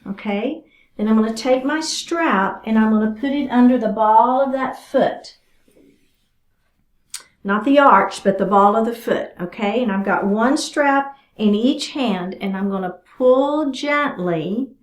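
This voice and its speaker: A woman teaching a chair yoga class, giving chatty, encouraging cues while doing the stretches herself. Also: on the high side. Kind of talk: guided exercise class instruction. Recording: roomy echo.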